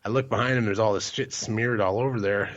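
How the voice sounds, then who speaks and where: A man's voice: on the low side, fairly even intonation, a little fast, fairly bright tone. A man co-hosting a podcast, telling a rambling, profane story and laughing mid-sentence. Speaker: podcast co-host. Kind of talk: casual storytelling chat. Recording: lo-fi muffled sound.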